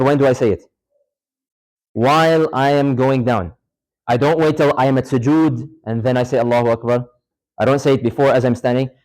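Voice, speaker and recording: This man has a medium-pitched, warm voice, caught on a low-quality recording. He's a religious teacher giving an informal class lecture with live demonstration in a mosque hall, quizzing students, repeating points, and slipping in short Arabic phrases and recitations.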